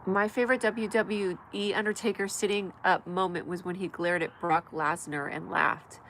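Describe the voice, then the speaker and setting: An American woman with a stuffy nose, chatting fast and casually while hosting her live comedy stream from home. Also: on the low side, fairly even intonation, fairly bright tone, a little hiss or hum, poor audio. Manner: fast, chatty, talks to pets and viewers.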